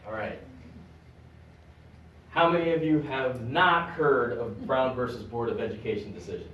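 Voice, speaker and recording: A man giving a public lecture at a library, animated and joking with the audience. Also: mid-range voice, normal speed, slight background noise. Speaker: guest lecturer. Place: public library meeting room. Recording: echoey room, recorded from a distance.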